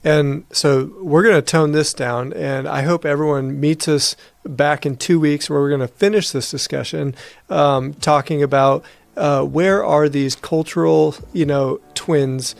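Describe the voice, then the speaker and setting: A man's voice: a little high, gravelly. A man hosting a podcast interview, talking in a loose, rambling way with many fillers. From American Midwest. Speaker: podcast host. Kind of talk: casual conversational interview.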